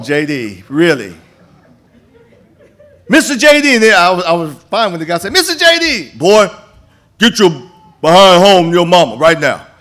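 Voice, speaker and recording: An older man, a campus minister speaking to a church congregation and telling folksy stories with many restarts. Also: medium pitch. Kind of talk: church appeal and testimony. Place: church sanctuary.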